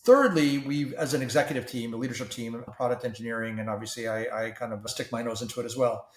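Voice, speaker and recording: A man from Canada talks as a company founder in a podcast interview. His pitch sits in the middle range and his delivery is animated, with frequent restarts and repeated words. The room around him is audibly echoey. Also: quick pace. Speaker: tech company CEO, guest.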